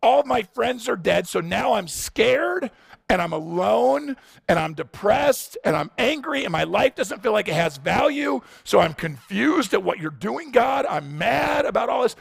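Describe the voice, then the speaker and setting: A man voicing a despairing, shouting prophet. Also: high-pitched, big pitch swings, unhurried, vocal fry, slightly rough, no room sound, pitched above the performer's own voice, heavily acted. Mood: anguished. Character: despairing lonely male prophet pouring out grief.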